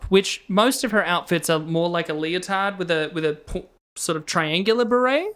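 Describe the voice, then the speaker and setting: A woman co-hosts a casual podcast, and her voice sits low. She explains game lore with wry enthusiasm and a relaxed, conversational flow. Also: moderate pace. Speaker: podcast co-host.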